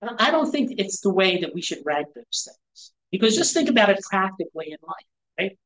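A man delivers a sermon in an easy, conversational way, as a pastor addressing a small church group. He keeps checking in with the room through rhetorical questions and quick tags like "right?", and moves between teaching and personal asides. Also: high-pitched, very animated, fairly bright tone, low-quality recording. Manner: rhetorical questions, frequent "right?" and "you know". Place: church gathering.

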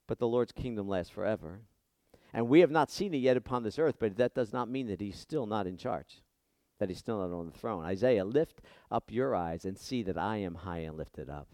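A man preaching a sermon, impassioned, dropping soft and then rising loud and high when he voices prayers. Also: lively intonation, normal speed, no room sound, studio quality.

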